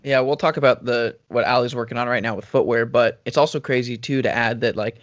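A man's voice: medium pitch, fairly quick, dry recording. Young male runner, easygoing rambling chat, level voice with a dry close sound. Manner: relaxed, rambling, many fillers. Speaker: professional runner, podcast co-host. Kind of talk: casual chat. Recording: dull lo-fi audio.

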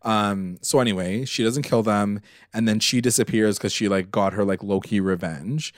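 A man's voice: fairly low pitch, normal speed, dry recording, clean studio sound. A man casually recapping a show with a co-host, rambling with lots of fillers and swearing. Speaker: podcast co-host.

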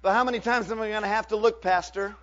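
A man preaching a Sunday sermon as pastor, swinging from loud declarations to hushed, drawn-out words. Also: high-pitched, steady tone. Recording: dull lo-fi with mains hum.

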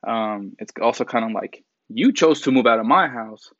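A man's voice: mid-range voice, expressive, normal speed, a bit bright, no echo. Profane young man ranting casually. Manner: blunt, profane, lots of fillers, mocking quotes. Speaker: commentary vlogger. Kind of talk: casual rant. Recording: dry, slightly dull mic sound.

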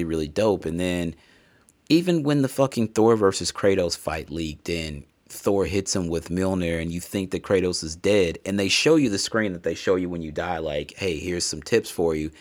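A man's voice: deep voice, moderate pace. A man giving a casual, rambling game review, emotional and full of swearing. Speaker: gamer reviewing a video game. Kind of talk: casual solo review talk.

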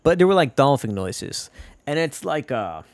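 Guy rambling on his own podcast, swears a lot, jumps all over in pitch, dry close sound. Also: very animated, normal speed, no echo. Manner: rambling, profane, jokey. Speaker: podcast host. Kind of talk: casual solo podcast talk.

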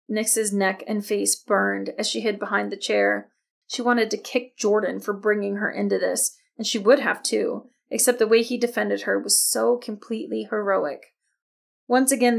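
A woman reads a novel aloud in scripted audiobook narration. Her voice is mid-pitched with a noticeably gravelly, creaky texture. She tells the story in a steady, even manner.

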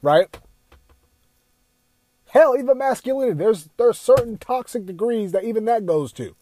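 A man's voice: very high voice, lively intonation, moderate pace, warm tone. A young man giving a profane, exasperated rant as a gaming commentator. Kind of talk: ranting commentary.

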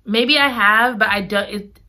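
A woman's voice: mid-range voice, a little slow, sharp tone. A woman reviewing a romance novel in a casual, dramatic and gushing way. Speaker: book reviewer. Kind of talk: casual chat.

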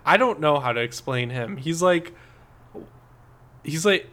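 Sarcastic, foul-mouthed man, pitched a little high. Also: lively intonation, takes it slowly, sharp tone. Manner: sarcastic, swears freely, laughs often. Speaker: podcast co-host. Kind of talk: casual chat.

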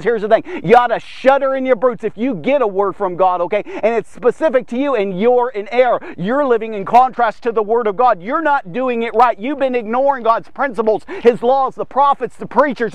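A man with a very high voice preaches a Bible devotional for his podcast. He retells the story with emphatic asides, checking in with "okay?" again and again. The sound is dry and close, with no room around it. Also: dry recording. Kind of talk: sermon-style Bible devotional.

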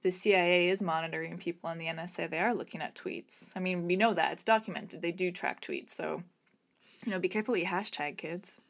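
A woman co-hosting a film podcast, chatting casually in a slightly low voice. She talks in a playful, easygoing way and laughs readily. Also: steady tone, a little fast, gravelly. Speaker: podcast co-host.

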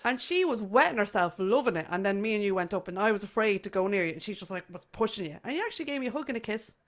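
Irish woman, interview host, chatty, laughing, quick storyteller. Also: medium pitch, lively intonation. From Ireland. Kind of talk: casual chat.

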